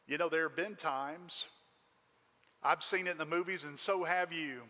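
A man's voice: fairly high pitch, normal speed, bright, forceful tone. A male pastor delivering a storytelling sermon in an emphatic manner. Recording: long hall reverb.

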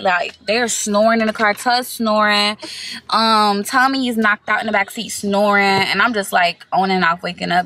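A woman vlogger telling a story to the camera in a casual, animated way, swearing freely and calling her viewers y'all. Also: medium pitch, slight background noise, poor audio. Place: inside a parked car.

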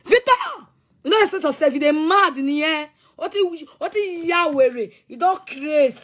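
A woman's voice: high-pitched, moderate pace, fairly bright tone. A woman with a Nigerian accent delivering a heated, threatening rant, repeating herself often. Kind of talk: angry rant to camera.

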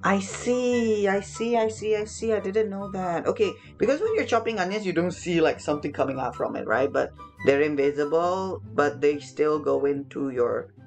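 A young woman with a Hong Kong accent, teaching phonics to children in a lively, expressive way, often repeating words. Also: lowish voice, moderate pace, faint music behind. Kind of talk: lively teaching talk for kids.

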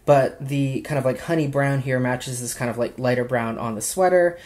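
A man's voice: mid-range voice, normal speed, a little mellow. A young man casually showing off a watch and accessories in a vlog, chatty and gushing, with many fillers. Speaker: watch vlogger. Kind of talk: casual show-and-tell vlog.

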